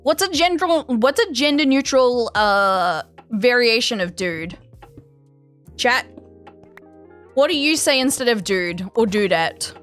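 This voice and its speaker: Woman, Australian accent, game streamer, casual chat, rambling, lots of fillers, slightly high voice. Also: lively intonation, a little slow, fairly bright tone, soft background music. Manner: chatty, rambling, many fillers and restarts. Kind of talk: casual chat with live viewers.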